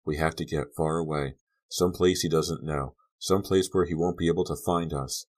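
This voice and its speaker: A man's voice: rumbling low, steady tone, normal speed. A man voicing a frightened, desperate teenage girl who talks in an urgent, pleading way in an audiobook. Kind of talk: audiobook character reading.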